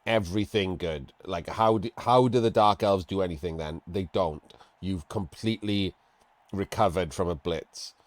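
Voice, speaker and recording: A man's voice: sits low, moderate pace, no room sound. A man giving casual, blunt and sarcastic commentary on a game replay, talking to his chat. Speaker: streamer reviewing a game replay.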